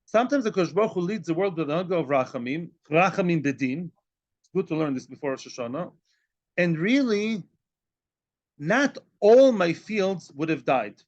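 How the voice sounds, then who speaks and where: A man teaching a Talmud class in a lively way, acting out both sides of the argument and mixing in Hebrew and Yiddish terms. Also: a little high, moderate pace, lo-fi sound.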